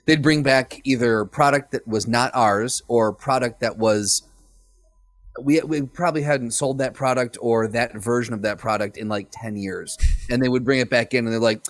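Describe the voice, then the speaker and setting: A man co-hosting a podcast recounts workplace stories in a chatty, easygoing way, often restarting his sentences. His voice sits at a middle pitch. The sound is dry and close-miked. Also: moderate pace, no echo. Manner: chatty anecdotal storytelling with small restarts. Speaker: podcast co-host. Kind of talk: casual podcast chat.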